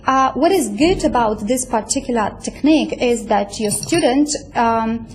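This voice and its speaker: A woman's voice: fairly high pitch, lively intonation, unhurried, a little hiss or hum. A woman giving a university lecture, explaining step by step with many fillers and checking in with "right?". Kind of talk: recorded lecture.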